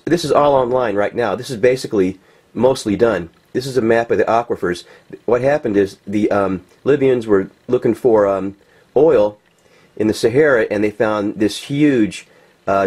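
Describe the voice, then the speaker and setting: A man rants in a heated, rambling way while he talks over pictures. He swears freely and stumbles through plenty of ums and uhs. His voice sits at an ordinary middle pitch for a man. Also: darkish tone, slightly rough. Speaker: political commentator. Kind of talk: impassioned commentary over pictures.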